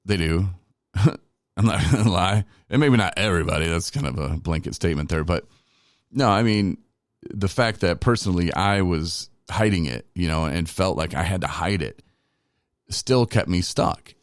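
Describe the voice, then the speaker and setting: Self-deprecating and wandering, a middle-aged recovery podcast host with a very deep voice recounts his history in an open, casual way. He sounds animated and keeps a moderate pace. The audio is dry and close, with no room sound.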